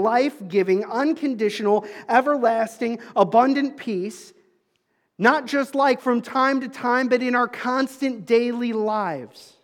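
A man preaching a sermon as pastor, talking conversationally with the congregation and swinging between emphatic calls and soft, low asides. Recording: long hall reverb.

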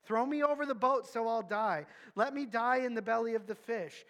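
A man voicing a resentful, exasperated male prophet who complains loudly. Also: very high voice, moderate pace. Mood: indignant. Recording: long hall reverb.

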